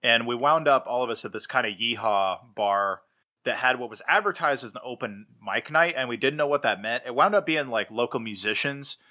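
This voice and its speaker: A man hosting a podcast and telling a long story in a loose, rambling way. His voice is bright and forward, and he chuckles mid-sentence and leans on fillers. Medium pitch, casual chat. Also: brisk.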